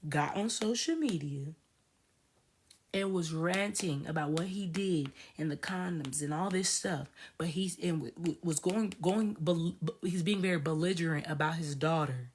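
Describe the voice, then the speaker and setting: A woman's voice: sits low, normal speed, a little hiss or hum. A woman spiritual coach giving casual ranting commentary to her followers, talking emphatically and repeating phrases for stress.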